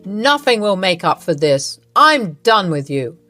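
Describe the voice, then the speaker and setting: A woman's voice: medium pitch, big pitch swings, measured pace, bright, forceful tone, dry recording, faint music behind. A woman voicing a husband who plays at being hurt and angry, firm and cold in a narrated drama story. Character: stern husband faking hurt anger, man.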